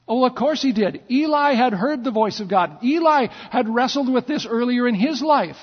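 A pastor telling stories in a sermon, with repeated phrases and dramatic pauses. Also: male voice, very high voice, animated. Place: church sanctuary. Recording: long church reverb, dull lo-fi sound.

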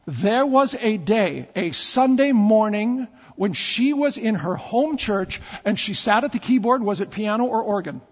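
A pastor telling stories in a sermon, with repeated phrases and dramatic pauses. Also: male voice, sits high, lively intonation. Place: church sanctuary. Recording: long church reverb, dull lo-fi sound.

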